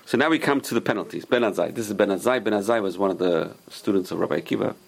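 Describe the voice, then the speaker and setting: A man's voice: fairly low pitch, very fast, creaky. A man teaching an informal Torah class, explaining Hebrew sources and giving emphatic warnings.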